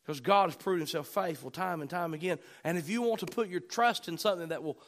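A male pastor with a high voice delivers a fervent sermon. He swings between loud, urgent bursts and quiet, softer asides. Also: fast.

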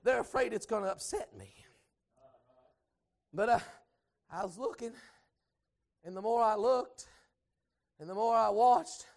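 A man preaching a storytelling sermon in folksy speech, swinging from hushed asides to shouted exhortation. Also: high-pitched, measured pace, vocal fry, long pauses. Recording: church service with congregation responses. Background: congregation.

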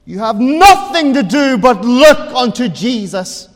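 A thin lay preacher with a broad Essex accent and rustic speech, shouting at full power, as a man puts him on. The voice rings high and loud, trailing a long reverb through the hall. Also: big pitch swings, measured pace, full character voice.

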